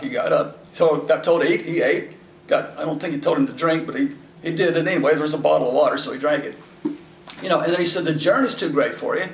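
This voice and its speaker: A man teaching from scripture in a folksy, conversational way, often slipping into casual paraphrase. His voice sits a little high for a man and has a gravelly edge. He sounds set back from the mic in an echoey room, with faint noise underneath. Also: far from the mic. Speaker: Bible teacher.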